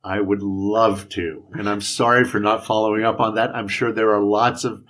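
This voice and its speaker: A man's voice: on the low side, little pitch movement, normal speed, a bit bright. A man guest on a library podcast, patiently explaining poetry in a conversational interview. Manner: patient explaining, spells out rhythm. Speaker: Shakespeare instructor, guest. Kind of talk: casual interview talk.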